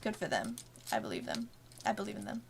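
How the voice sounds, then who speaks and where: A woman's voice: mid-range voice, sing-song, fast talker, vocal fry, a little hiss or hum. A woman, a webcomic creator, giving a casual, rambling commentary and laughing often between thoughts. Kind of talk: casual director's commentary stream.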